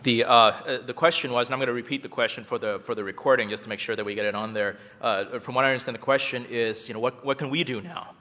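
A man's voice: medium pitch, steady tone, fast talker, hardly any pauses, bright, forceful tone. A man giving an impassioned, emphatic public speech at a church event. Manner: emphatic, rising and falling for effect. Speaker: guest speaker at a church event. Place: large hall. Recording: reverberant hall.

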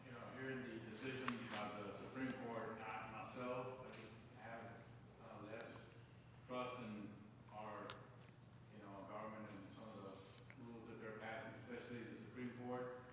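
A man's voice: fairly low pitch, level tone, moderate pace, long pauses, fairly bright tone. Hesitant man asking in a roomy hall. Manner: hesitant, full of fillers. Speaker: audience member asking a question. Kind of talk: casual spoken question. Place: large hall. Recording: roomy hall with noise and clicks.

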